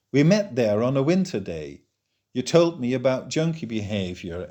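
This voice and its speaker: A man reading the lines of a bold, chatty young Irish newcomer in a first-person story, eager and quick to explain. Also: mid-range voice, dark tone, lightly acted.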